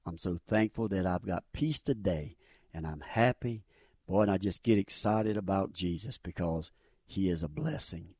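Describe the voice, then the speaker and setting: Middle-aged man, low and mellow, sharing a personal faith testimony with fervent, repetitive emphasis. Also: moderate pace, no room sound, studio quality. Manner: earnest, fervent, repeats phrases for emphasis. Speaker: churchgoer giving testimony.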